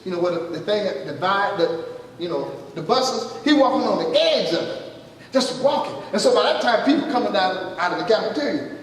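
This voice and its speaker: A man's voice: high-pitched, expressive, a little fast. A man pastor telling a testimony in a sermon, acting out the dialogue and asking the congregation if they are listening. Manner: storytelling, acting out dialogue, calls out "you listening?". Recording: echoey hall from far off, faint noise.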